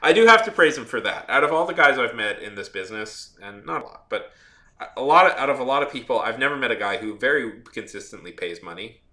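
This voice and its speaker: A man's voice: mid-range voice, sing-song, fast talker, pushed and bright, echoey room. A man who works as a videographer tells a story in a casual, rambling rant, with many restarts and free swearing. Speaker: videographer and editor.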